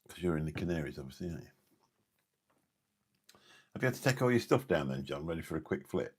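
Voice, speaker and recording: A deep, husky man hosts a late-night live stream, rambling along and joking with viewers one by one. His voice sits low and slightly rough throughout. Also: very animated, quick pace. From Lincolnshire, England. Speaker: live streamer reading chat.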